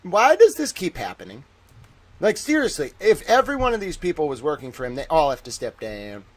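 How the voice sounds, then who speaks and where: A man streaming live, reading profiles aloud and ranting with excitable, profane mock outrage. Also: fairly high pitch, a little fast. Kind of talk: live-stream commentary while reading online.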